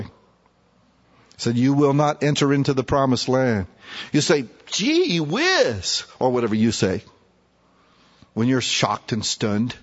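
A man preaching a sermon in a folksy way, acting out scripture characters in casual, everyday voices. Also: on the high side. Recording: muffled, echoey hall.

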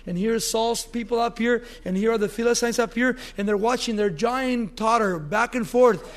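A male preacher with a high-pitched voice gives an animated sermon. He retells scripture as a vivid story and often puts questions to his listeners. His delivery moves between excited and grave. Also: moderate pace.

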